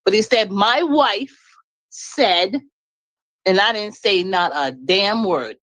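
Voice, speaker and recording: A woman's voice: medium pitch, animated, slow pace, a bit bright, dry recording, rough recording. Blunt, emphatic woman venting. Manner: blunt, emphatic, laughing between points. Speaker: guest speaker. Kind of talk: candid personal venting.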